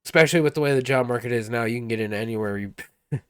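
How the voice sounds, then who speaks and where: A man's voice: mid-range voice, racing, fairly bright tone, clear, resonant tone, no echo. A man casually reacting to a song as a streamer, rambling and laid-back, peppering his talk with "like" and "dude".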